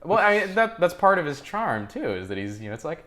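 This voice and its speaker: A man's voice: a little high, fairly quick. A man co-hosting a movie podcast, chatting casually with lots of fillers and laughter. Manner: animated, laughing, filler-heavy. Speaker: podcast co-host. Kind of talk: casual film chat.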